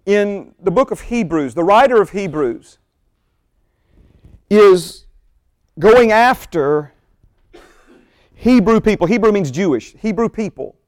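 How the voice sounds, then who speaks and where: A man preaching a sermon, slowing down to stress key phrases and dropping into quick, low asides to the congregation. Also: expressive, no echo, studio quality. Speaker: pastor. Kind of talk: sermon teaching.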